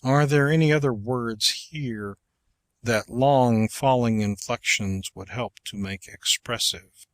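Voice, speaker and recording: A man narrating an instructional book in a measured, deliberate reading voice. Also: medium pitch, no room sound. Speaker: audiobook narrator.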